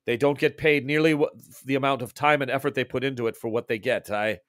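A man doing a deep booming estate keeper. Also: steady tone, quick pace, a bit bright, no room sound, clean studio sound, lightly acted. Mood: worried. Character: booming Kenyan estate man, loyal friend.

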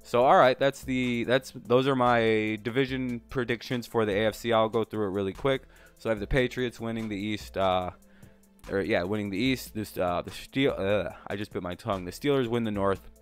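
Man, low smooth voice, casual rambling sports vlog, slightly breathless, faint music behind. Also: steady tone, moderate pace. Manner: rambling, lots of fillers and profanity. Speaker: channel host.

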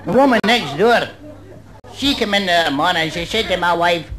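On a nightclub stage before a live audience, a Scottish comedian with an expressive, high voice rambles through anecdotes at a moderate pace, peppered with "you know." The rough, old club recording carries loud crowd noise and laughter from the audience.

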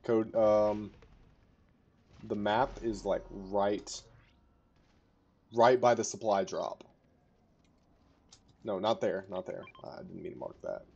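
A young man giving casual live commentary to a teammate while playing a battle royale game, rambling one moment and shouting callouts the next. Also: on the low side, slow, creaky, pauses often, breathy edge, highs cut off. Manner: casual, rambling, bursts into excited shouting in fights. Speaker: gamer streamer.

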